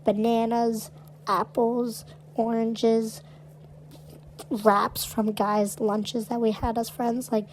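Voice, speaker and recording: A woman's voice: fairly high pitch, flat delivery, takes it slowly, a little hiss or hum, poor audio. A young adult woman co-hosting a podcast, telling stories in casual chat and filling her speech with "like". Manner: chatty, peppers speech with "like". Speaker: podcast co-host.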